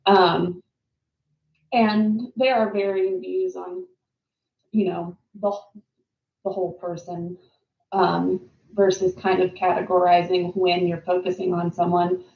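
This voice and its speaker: Female host, casual reflective monologue, rambling delivery with many ums, gravelly voice, roomy and slightly dull recording. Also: lowish voice, level tone, slow, pauses often. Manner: rambling, frequent ums and word repeats. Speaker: host of a reflective talk series.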